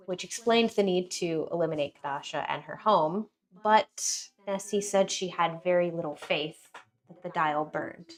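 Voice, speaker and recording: A woman game master narrating a recap of the story so far in a measured storytelling manner. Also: on the low side.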